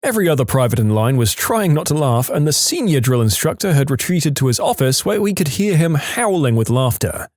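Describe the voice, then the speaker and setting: A man narrating reader-submitted stories in a lively scripted storytelling manner. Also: a little high, brisk, hardly any pauses, no echo, studio quality.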